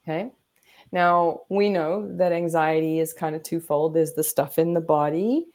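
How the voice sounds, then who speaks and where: An animated woman therapist walks listeners through calming techniques on a podcast. Her voice sits fairly low for a woman, and she brings each step to life by acting it out. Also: moderate pace. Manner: animated, demonstrates breathing and acts out inner voices. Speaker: guest therapist. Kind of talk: explaining coping techniques on a podcast.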